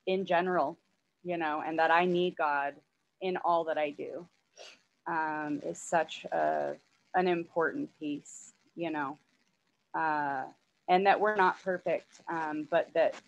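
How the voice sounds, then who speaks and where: A woman's voice: deep voice, vocal fry. A woman sharing in a gushing, tearful way at an online recovery meeting, often saying "like" and "you know". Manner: gushing, tearful, many fillers of like.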